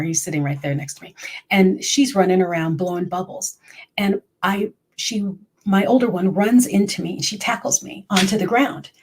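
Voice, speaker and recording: A woman in her forties speaking casually and from the heart as a motivational speaker in a personal vlog, at times dropping to a soft whisper. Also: medium pitch, breathy edge.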